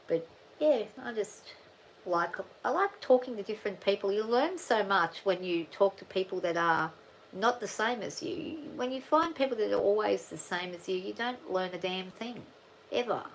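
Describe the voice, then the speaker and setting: A middle-aged Australian woman chats loosely with her viewers, thinking out loud and restarting her sentences often. Her voice sits at an ordinary middle pitch, with a faint hiss of noise underneath. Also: expressive, normal speed, poor audio. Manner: rambling, chatty, thinks aloud with many restarts. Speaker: farm channel vlogger. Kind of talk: casual live chat with viewers.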